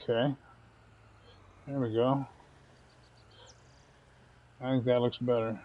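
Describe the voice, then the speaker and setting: A man's voice: medium pitch, little pitch movement, takes it slowly, phone-quality sound. A man giving casual, folksy commentary while playing a farming game, chatty and chuckling often. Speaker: gaming channel host.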